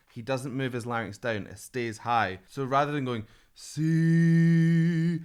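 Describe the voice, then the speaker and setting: Male vocal coach, reaction commentary, smooth clear tone, mid pitch, analytical and keen. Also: fairly bright tone. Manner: analytical and enthusiastic, prone to laughing. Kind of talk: reaction commentary on a singing video.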